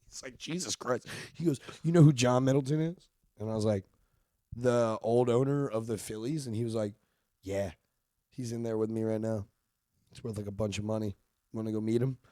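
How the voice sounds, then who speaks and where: A man telling a rowdy night-out story on a comedy podcast, laughing often and quoting people in quick bursts. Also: on the low side, dark tone, no echo, studio quality. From Philadelphia. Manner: laughs through his stories, quotes others in quick bursts. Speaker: podcast co-host.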